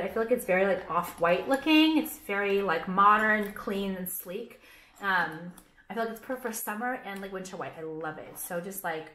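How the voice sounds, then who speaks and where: A young woman rattles through a casual haul vlog in a bright, forceful voice, swearing freely and piling on filler words. Her brash, rambling chatter bounces around an echoey room. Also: mid-range voice. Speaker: vlogger and small business owner.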